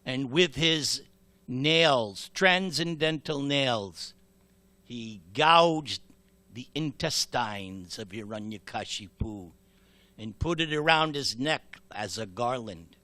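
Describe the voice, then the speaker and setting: Male temple speaker, slow dramatic storyteller, bright tone, dry sound. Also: medium pitch, expressive, no room sound. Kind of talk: sermon storytelling.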